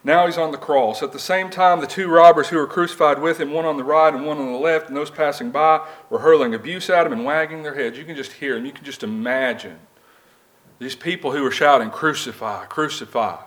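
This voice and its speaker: A man with a drawl preaches in a church, slightly high-voiced and earnest. He moves between reading scripture aloud and talking plainly to the congregation. His delivery is conversational, built on rhetorical questions. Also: brisk. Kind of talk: sermon. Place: church building.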